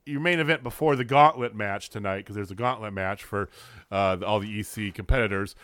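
A man co-hosting a casual wrestling podcast, animated and joking, with frequent swearing. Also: on the low side, no room sound, clean studio sound. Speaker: podcast co-host.

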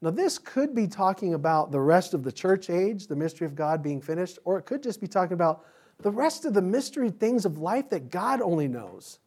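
A man preaching a sermon as pastor, conversational, with humorous asides and bursts of excitement. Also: high-pitched, a little fast.

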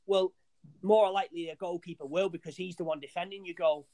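A young man, talking fast and loose about football. His voice sits a little high for a man and sounds dry and close, as he rambles, restarts and swears freely. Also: fairly even intonation, dry recording. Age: young adult. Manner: rambling, sweary, restarts often, says "mate". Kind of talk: casual football chat.

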